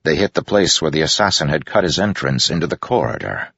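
A man narrating a fantasy audiobook in a measured, dramatic reading. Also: extremely low pitch, lively intonation, vocal fry, fairly bright tone, breathy edge, no echo, lo-fi sound. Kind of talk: scripted narration.

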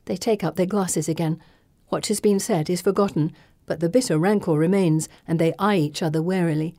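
A woman reading a first-person novel with measured, dramatic narration. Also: lowish voice, steady tone, mellow, dry recording, studio quality. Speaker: audiobook narrator.

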